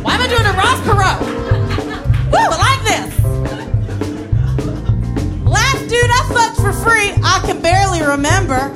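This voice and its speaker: A woman's voice: very high voice, lively intonation, a little slow, long pauses, pitched above the performer's own voice. A woman in her thirties doing stand-up in a put-on Texan drawl, with a bawdy, sing-song delivery. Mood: brash drawl. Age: 30s. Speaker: comedian. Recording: live band music behind.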